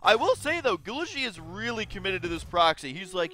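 Bright, high-voiced male caster, jokey and excitable play-by-play. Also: a little fast, hardly any pauses, faint music behind. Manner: excitable, jokey, often breaks into high-pitched shouts. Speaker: esports caster. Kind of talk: game commentary.

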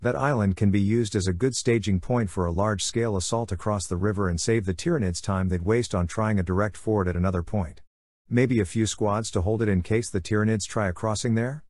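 An earnest young female scholar argues with hope and urgency, as a man reads her lines. The voice stays low and plain. It is recorded dry and close. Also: brisk, a little mellow, dry recording, natural voice.

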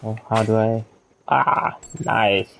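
A man's voice: on the low side, completely flat delivery, slow pace, gravelly, fairly bright tone, slight background noise. A man streaming a video game, reacting casually, swearing now and then, and reading in-game text aloud. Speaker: gaming streamer. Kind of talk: let's play commentary.

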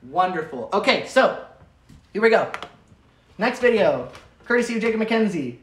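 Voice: mid-range voice, sing-song, normal speed, pauses often, slight background noise. Chatty livestream host in a roomy space. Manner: chatty, upbeat, rambling with fillers. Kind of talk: casual livestream chat. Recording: roomy sound from a distant mic.

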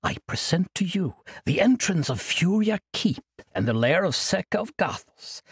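A man's voice: sits high, very animated, moderate pace, a little hiss or hum, pitched above the performer's own voice. A man voicing an eccentric, mischievous ancient male monk who talks in a playful, grandiose way. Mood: whimsical.

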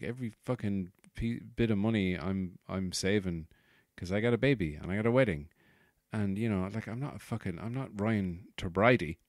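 A man's voice: lowish voice, dry recording, clean studio sound. An Irish man in his thirties, a comedian hosting his podcast, rambling casually with exasperated, sweary asides.

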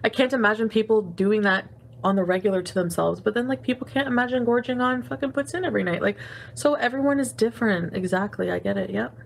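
A woman's voice: medium pitch, quick pace, vocal fry, slight background noise. Rambling, giggly woman livestreaming. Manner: rambling, jumps between topics, laughs often. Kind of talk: casual livestream chat.

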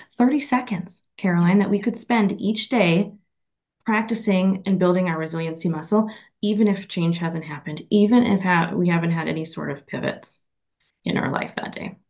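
A woman's voice: lowish voice, normal speed, gravelly, a little mellow. A woman from Minnesota with a Minnesotan accent, a podcast guest talking earnestly in long winding sentences. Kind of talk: casual interview chat.

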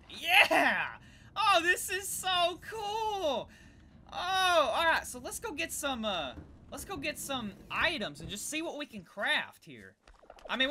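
A young woman in casual let's-play commentary, excitable and gasping, chattering to the creatures she meets. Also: mid-range voice, slight background noise. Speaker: gameplay video creator.

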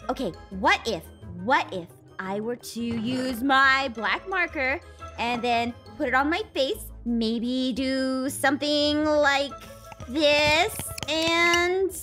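A woman's voice: high voice, slow pace, bright, forceful tone. A woman acting out a Minecraft role-play in a bubbly, exaggerated, giggly way. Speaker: host playing herself in a Minecraft role-play. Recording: background music under the voice.

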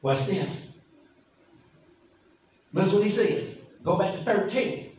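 A pastor preaching a sermon, emphatic and asking the congregation questions. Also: male voice, high voice, expressive, slow, long pauses, a little mellow. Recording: echoey hall from far off, faint noise.

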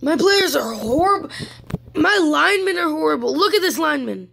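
A young woman giving casual commentary over her own mobile football game, exasperated, dropping from whispered mutters to sudden yelps and shouts. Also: sits high, animated, a little fast, vocal fry, slight background noise. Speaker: gaming YouTuber.

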